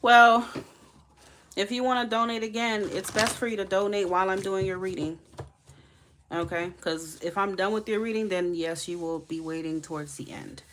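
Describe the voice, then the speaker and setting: A woman's voice: medium pitch, steady tone, normal speed, fairly bright tone, a little hiss or hum. A woman reading tarot on a live stream, chatting casually with viewers and laughing often. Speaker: tarot reader.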